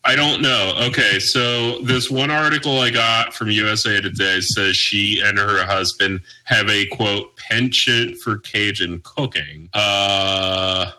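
A man co-hosting a casual comedy podcast, profane and sarcastic, with loud animated outbursts. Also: on the low side, slow, few pauses, low-quality recording. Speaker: podcast co-host.

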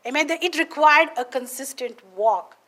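A woman's voice: sits high, normal speed, sharp tone. Emphatic woman preaching testimony. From India. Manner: emphatic, keeps asking "Amen?" of listeners. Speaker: podcast preacher. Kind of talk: testimony sermon.

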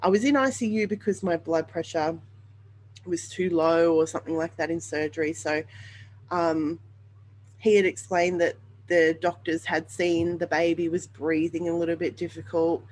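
A woman's voice: lowish voice, fairly even intonation, normal speed, darkish tone, a little hiss or hum, poor audio. A woman hosting a podcast, telling a personal story in a candid, rambling way with many fillers. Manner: candid, rambling, with many ums and you-knows. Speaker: podcast host.

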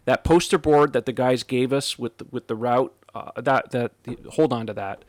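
A man from Canada in relaxed casual conversation, recounting trip anecdotes. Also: medium pitch, normal speed, dry recording. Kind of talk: casual chat.

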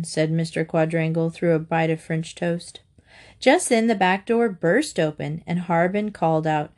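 Woman reading a children's storybook aloud. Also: normal speed. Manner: lively, raises pitch for children's lines. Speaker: audiobook reader. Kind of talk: storybook narration with character voices.

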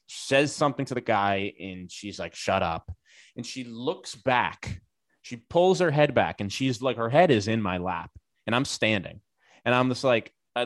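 A man's voice: mid-range voice, no room sound. A man casually telling a comic, profane story on a podcast, acting out the people in it. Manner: animated, profane, acts out quoted voices.

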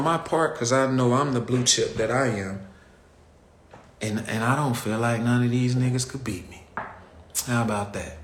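This podcast host, a Chicago-accented man, addresses his audience directly in a fired-up, slangy, no-nonsense rant. He speaks at a normal speed in a mid-range voice, leaving long pauses. Faint background noise fills the echoey room.

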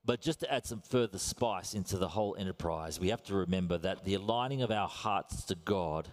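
A middle-aged Australian man preaching a sermon in a relaxed, conversational way, telling stories with self-deprecating humor. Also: deep voice, fairly quick.

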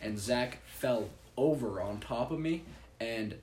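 A man's voice: mid-range voice, slow, a little mellow, a little hiss or hum. A young man and baseball player in casual chat, eagerly chiming in to fill out a shared story. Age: young adult. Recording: roomy echo with faint ambience.

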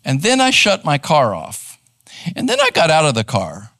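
A middle-aged man, a pastor teaching live in church, conversational and animated as he tells a story. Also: on the high side, moderate pace, creaky, no echo. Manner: animated, conversational, acts out quoted voices. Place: church sanctuary.

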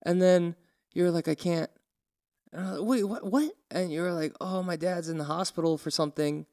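A young man co-hosts a casual podcast chat and tells a story with animated quotes. His voice is smooth and clear and sits a little high. The sound is dry and close, with no room around it. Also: moderate pace, dry recording. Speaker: podcast co-host.

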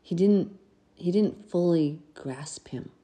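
A woman's voice: lowish voice, takes it slowly, dark tone. A woman hosting a podcast, reading scripture and commenting in an earnest, conversational way. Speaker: podcast host.

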